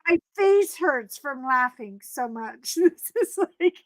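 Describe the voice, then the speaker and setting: A woman chatting as a guest on a live stream, her voice very high for a woman. She talks excitedly and dramatically, often breaking into laughter. Her audio is dry and close, with no room sound. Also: slow pace, no echo, rough recording. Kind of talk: casual live-stream chat.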